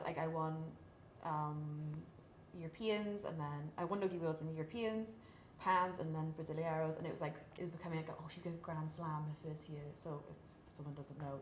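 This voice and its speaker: A young British woman, a professional athlete, chatting candidly in an interview with lots of fillers and laughs. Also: deep voice. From Britain. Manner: chatty, many fillers, laughs between thoughts. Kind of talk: candid casual interview talk. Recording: echoey room, faint hiss.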